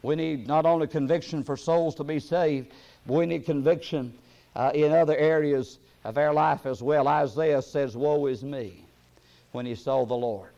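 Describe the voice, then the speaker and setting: A man preaching a sermon, reading scripture in a slow cadence and rising to loud emphatic peaks before dropping low and soft. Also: steady tone, vocal fry, highs cut off.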